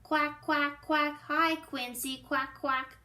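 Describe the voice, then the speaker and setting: A woman voicing a loud, chatty female duck in a storybook reading, shouting and quacking. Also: high voice, steady tone, slow pace, echoey room, voice pushed up, heavily acted. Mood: loud cheerful.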